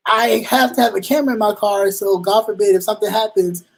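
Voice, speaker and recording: Give me a man hosting a talk show in loose, animated, slangy commentary, stumbling over restarts. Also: high voice, quick pace, creaky. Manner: animated, slangy, acts out little dialogues. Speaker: show host. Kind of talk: casual commentary.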